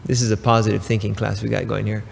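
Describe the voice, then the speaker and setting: A man giving a spiritual talk, preaching slowly and emphatically with pauses and casual asides. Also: on the low side, level tone, vocal fry, big-room sound, a little hiss or hum. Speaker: spiritual teacher.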